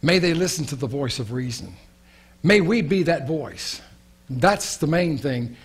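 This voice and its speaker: A man's voice: fairly high pitch, expressive, unhurried, slightly rough. A male pastor preaching a sermon, earnest and prayerful, repeating key phrases.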